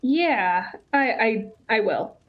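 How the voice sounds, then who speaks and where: A woman playing a tabletop game, speaking haltingly. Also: a little high, animated, dull audio. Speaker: player. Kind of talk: casual tabletop play.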